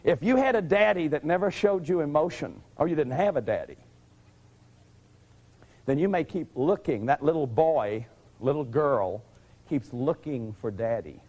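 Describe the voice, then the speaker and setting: Earnest middle-aged man teaching, higher voice. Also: a little mellow. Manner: earnest, confessional, repeats key phrases. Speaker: lecturer on family therapy. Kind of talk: lecture to a live audience.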